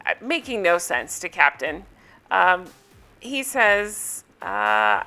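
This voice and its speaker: A woman's voice: medium pitch, big pitch swings, takes it slowly, creaky, bright, forceful tone. A woman recapping a reality TV episode in casual, amused chat, with frequent ums.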